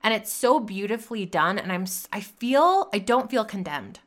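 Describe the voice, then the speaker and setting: A woman's voice: mid-range voice, lively intonation, normal speed, a bit bright. A woman hosting a faith-based talk, speaking earnestly and piling up repeated phrases for emphasis. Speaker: podcast host.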